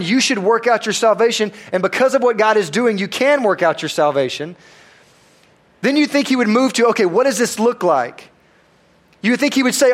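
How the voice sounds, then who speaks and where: A man preaching a sermon, conversational and self-deprecating as he tells stories. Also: sits high. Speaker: pastor.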